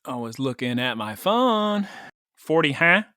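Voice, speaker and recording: Lively excitable man on a podcast. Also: fairly high pitch, a little slow, dry recording, clean studio sound. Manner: playful, excitable, teasing. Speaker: podcast co-host. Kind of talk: casual chat.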